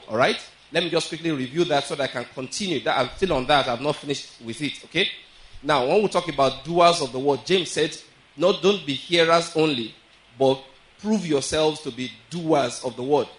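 A man preaching a sermon as pastor. He reads scripture aloud slowly and keeps checking in with his listeners. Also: medium pitch, fairly bright tone, low-quality recording.

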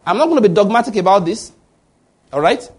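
A man's voice: sits high, expressive, brisk, husky. A man preaching a sermon, often asking the congregation fill-in-the-blank questions. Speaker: pastor.

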